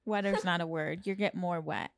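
A young woman co-hosting a comedy podcast, teasing her co-host with quick deadpan quips in casual chat. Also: lowish voice, vocal fry.

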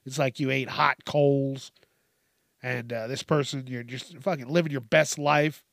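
Gravelly man ranting profanely at a slow pace. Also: medium pitch, dry recording, studio quality. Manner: profane, animated ranting with acted-out quotes. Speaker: podcast host. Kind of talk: casual solo rant.

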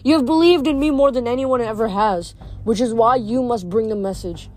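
A woman voicing an ancient, fading male nature god, speaking softly and sorrowfully. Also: fairly high pitch, slight background noise, lightly acted. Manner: soft, slow, sorrowful delivery.

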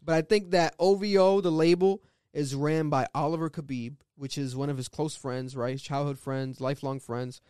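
High-voiced animated man chatting. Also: smooth, no echo, studio quality. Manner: animated, laughs often, quick rambling asides. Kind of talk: casual chat.

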